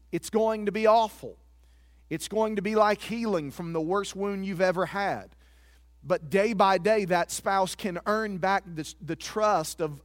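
A man's voice: high-pitched, dry recording. A man preaching a sermon as pastor, earnest and confessional, often repeating a word as he goes.

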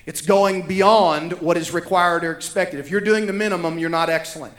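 A man's voice: sits high, moderate pace, fairly bright tone, roomy sound. A man, preaching a sermon as pastor, emphatic and repeating key lines for effect. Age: 30s.

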